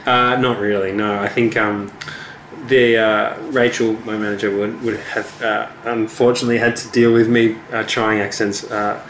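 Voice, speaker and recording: A young man, a musician, answers interview questions in a relaxed, halting way, full of ums and restarts. His voice sits fairly low. The recording is roomy and echoey, with a faint hum of background ambience. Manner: hesitant, many fillers and restarts. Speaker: musician guest. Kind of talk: casual interview chat.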